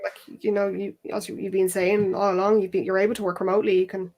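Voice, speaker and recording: A woman's voice: mid-range voice, quick pace. Chatty woman hosting a casual talk. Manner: chatty, lively storyteller. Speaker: host. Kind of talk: casual chat.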